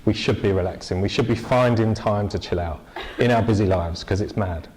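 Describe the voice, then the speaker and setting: A man's voice: fairly low pitch, fairly quick, a little mellow, a little hiss or hum, poor audio. A man preaching an informal, jokey church sermon, chatting with the congregation and asking them questions.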